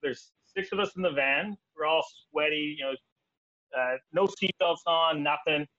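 A Canadian man spinning stories in an easygoing conversation. His voice sits a bit high for a man and comes through dull and boxy. He is animated and laughs along, and his voice jumps up whenever he quotes someone. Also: normal speed, no room sound. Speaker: guest. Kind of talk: casual storytelling.

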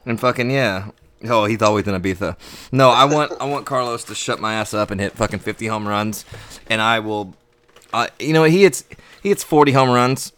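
A man's voice: lowish voice, normal speed, fairly bright tone. A man co-hosting a podcast in casual, profane, rambling chat. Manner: profane, rambling, self-mocking. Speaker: podcast co-host.

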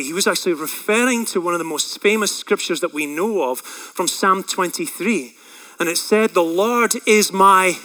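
High bright-voiced male pastor preaching. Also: rough recording. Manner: rises to loud impassioned cries on quoted prayers, drops low and quiet when reflecting; frequent fillers and restarts. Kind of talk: sermon.

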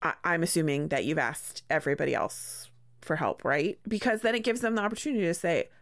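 A woman, a practice manager co-hosting a podcast, talking in a reflective, measured way in casual chat. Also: low-pitched.

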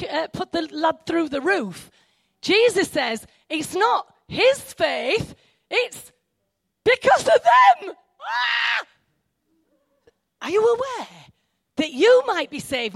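An excitable woman preacher, her high voice swooping up and down as she breaks off into asides. The sound is dry and close. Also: no room sound. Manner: animated, excitable, self-interrupting with asides. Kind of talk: sermon.

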